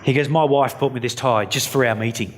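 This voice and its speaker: A man's voice: mid-range voice, brisk, background noise. An Australian man giving a keynote speech to an audience, blunt and self-mocking, acting out what people said. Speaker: keynote speaker. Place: conference venue before an audience.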